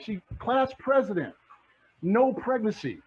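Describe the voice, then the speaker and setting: In a high, expressive voice at normal speed, a middle-aged man gives an energetic, motivational real estate presentation full of fire and passion, repeating lines to drive them home. The dull lo-fi recording carries a little hiss or hum.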